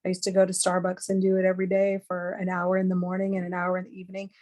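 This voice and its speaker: Earnest middle-aged woman, lowish voice. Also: monotone, quick pace, mellow. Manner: earnest, candid, chatty with many fillers. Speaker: webinar speaker. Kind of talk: casual teaching talk. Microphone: video call.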